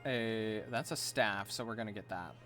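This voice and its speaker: A man chatting casually while streaming a game, chatty and excitable. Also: on the low side, normal speed, faint music behind.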